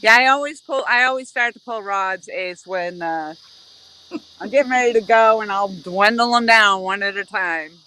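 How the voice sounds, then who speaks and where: A woman's voice: medium pitch, normal speed, bright, forceful tone, clear, resonant tone, poor audio. A woman hosting a casual fishing live stream outdoors by a river, laughing often as she chats. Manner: giggly, keeps breaking into laughter.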